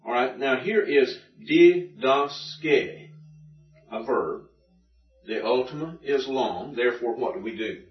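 A man's voice: mid-range voice, moderate pace, recorded from a distance, faint music behind. A male teacher explaining accent rules to a class step by step, in a patient classroom manner. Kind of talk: classroom Greek lesson. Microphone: far from the mic. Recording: dull, echoey classroom recording from afar.

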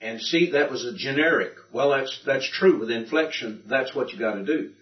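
A man teaching a Greek language class in a folksy, halting lecture style, often repeating himself. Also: mid-range voice. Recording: roomy, distant, muffled classroom recording.

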